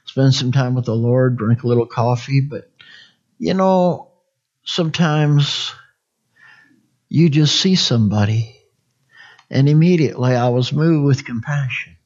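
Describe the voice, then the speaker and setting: Husky man preaching in a folksy ramble. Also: mid-range voice, measured pace, long pauses, darkish tone, muffled recording. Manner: rambling, folksy, asks the congregation for amens. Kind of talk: conversational sermon.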